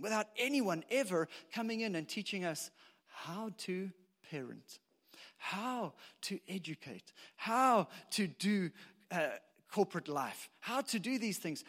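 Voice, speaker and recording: High-voiced man preaching a sermon. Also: a bit bright. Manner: conversational preaching full of rhetorical questions and asides. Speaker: pastor.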